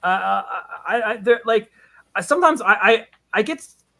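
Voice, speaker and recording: A man, a comic book writer, chatting casually in an interview, telling animated stories that swing into laughing exclamations. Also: sits high, normal speed, creaky.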